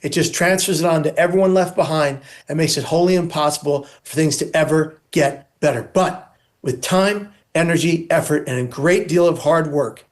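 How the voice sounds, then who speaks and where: A man's voice: on the high side, normal speed. A man speaking as an interview guest on suicide prevention, earnest and emphatic, stacking points into insistent lists.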